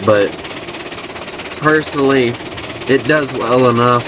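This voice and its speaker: A man's voice: medium pitch, steady tone, measured pace, pauses often, noisy background. A man with a Southern US accent, chatting loosely and rambling at home while he plays a video game. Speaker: gaming channel host. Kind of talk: casual gameplay chat.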